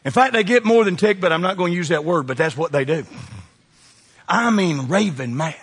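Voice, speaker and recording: A man preaching a sermon, folksy and emphatic, dropping low and rising to shouts. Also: lively intonation, moderate pace, husky. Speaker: pastor.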